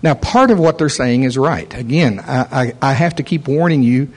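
A man's voice: medium pitch, normal speed. A man preaching a sermon and telling a story, acting out the voices of the people he quotes. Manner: animated, acts out quoted voices.

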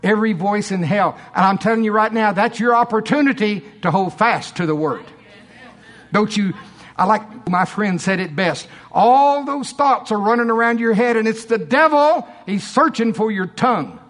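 A preacher telling a story in an animated, conversational sermon. His voice sits a bit high for a man. He often checks in with the congregation by asking them questions. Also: normal speed.

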